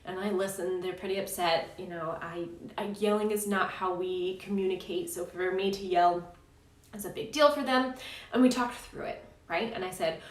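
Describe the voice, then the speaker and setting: A woman's voice: mid-range voice, normal speed. A woman in her thirties, a parenting coach, telling a personal story in an earnest, chatty way and checking in with "right?". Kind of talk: casual advice talk to camera. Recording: roomy echo, slightly distant mic.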